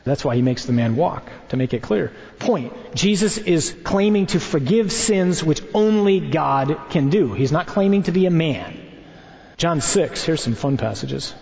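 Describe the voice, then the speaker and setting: A priest teaching in a conversational sermon, animated and wry, tossing out rhetorical questions. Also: male voice, on the high side, unhurried, creaky. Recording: dull recording in a reverberant hall.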